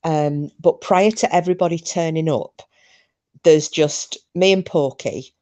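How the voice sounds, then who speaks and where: A woman's voice: low-pitched, unhurried, dark tone. A woman hosting a podcast, telling a story in a chatty, rambling way with frequent ums. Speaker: podcast host. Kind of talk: casual chat.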